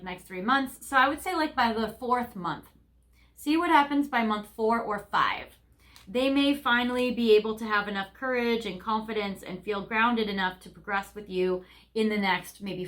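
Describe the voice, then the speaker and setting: A woman's voice: on the high side, fairly bright tone. A woman giving a casual tarot card reading, chatty and rambling, with lots of fillers. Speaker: tarot reader.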